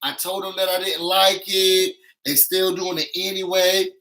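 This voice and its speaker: Male show reviewer, bright and sassy, emphatic, slightly high voice. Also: flat delivery, measured pace, low-quality recording. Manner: sassy, emphatic, acts out quotes. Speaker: YouTube reality-show reviewer. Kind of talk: animated recap commentary.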